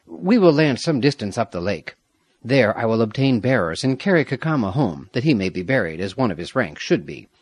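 A man reading the part of a loyal young Aztec noble, steady and commanding, with a husky voice. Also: medium pitch, brisk, no echo.

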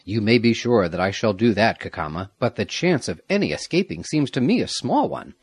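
Man reading earnest young soldier, husky, lowish voice, expressive. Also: a little fast, no echo.

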